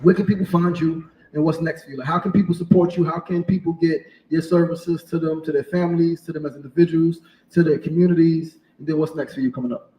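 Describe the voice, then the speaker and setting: A man's voice: on the high side, fairly even intonation, fast talker, mellow, echoey room, recorded from a distance, rough recording. A man in his forties hosting a podcast, telling personal stories in an emotional, candid way. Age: 40s. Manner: emotional, open, candid storytelling. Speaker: podcast host. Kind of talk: casual interview conversation.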